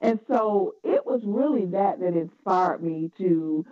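A woman's voice: medium pitch, animated, takes it slowly. A woman from North Carolina with a Southern accent, speaking earnestly as a podcast guest about her businesses. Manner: earnest and affirming, frequent laughs and restarts. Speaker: guest, educator and entrepreneur. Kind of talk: podcast interview, casual. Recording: phone-like narrow sound.

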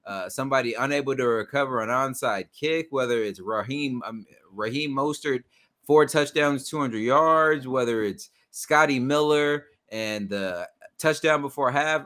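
A man's voice: mid-range voice, measured pace. A man co-hosting a podcast, chatting casually and playfully about football and calling his friend "brother.". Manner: animated, playful, says "my brother" and "brother". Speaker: podcast co-host. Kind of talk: casual sports chat.

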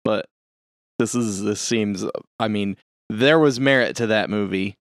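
A man's voice: on the low side, unhurried, dry recording, clean studio sound. A man co-hosting a podcast in casual chat, loose and profane, laughing often. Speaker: podcast co-host.

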